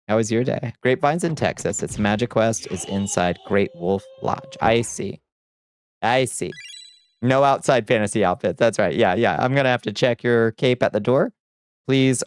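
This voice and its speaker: A man's voice: on the low side, normal speed, clean tone. A man chatting on a casual livestream, reading chat aloud and answering in a chatty, sardonic way, on a close desk mic. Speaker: streamer.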